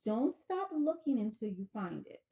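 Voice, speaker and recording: A woman voicing a confident, seasoned expert on the phone who talks slowly and patiently to calm a caller. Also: a little high, lo-fi sound. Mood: reassuring. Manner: slow, patient, reassuring, deliberate.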